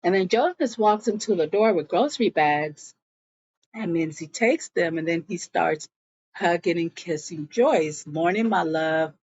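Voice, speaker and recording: A woman's voice: on the low side, expressive, a little slow, darkish tone, breathy edge, dry recording. A woman recapping a TV episode in a chatty, gossipy storytelling way, on a dull, muffled recording. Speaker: TV show recapper.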